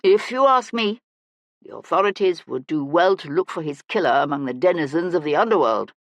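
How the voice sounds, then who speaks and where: Narrator playing a stuffy old banker guy, self-righteous and preachy, pitch leaping around, dry close sound. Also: expressive, a little fast, fairly bright tone, dry recording. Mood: pompous. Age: older. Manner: self-righteous, blustering, moralizing. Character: stout pompous older male banker, indignant. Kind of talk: audiobook character voice.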